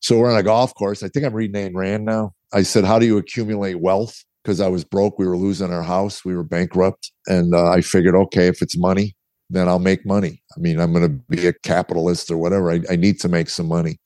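A man's voice: low-pitched, level tone, a little fast, mellow, no echo. A middle-aged man, a guest author, telling his story candidly in conversation and acting out the dialogue he quotes. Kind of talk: interview storytelling.

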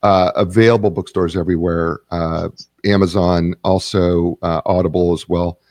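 Male host, lowish voice, dry close sound, casual filler-heavy delivery. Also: moderate pace, no room sound. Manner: relaxed, many filler ums and uhs. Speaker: radio show host. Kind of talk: show host talk with sponsor read.

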